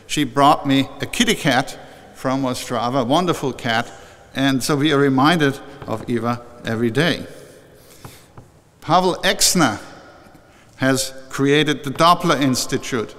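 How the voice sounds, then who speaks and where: An older man giving a warm, conversational acceptance speech at a formal ceremony, often restarting and correcting himself. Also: mid-range voice, a little slow. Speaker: honorary doctorate recipient giving an acceptance speech. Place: large historic chapel hall. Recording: long reverb from a large hall.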